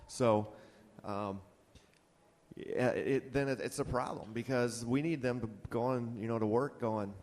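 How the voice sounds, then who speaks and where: A man's voice: medium pitch, steady tone, unhurried, a little mellow. A man on a conference panel telling a rambling, casual anecdote about his boat store, acting out customers' lines. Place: conference hall. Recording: long hall reverb.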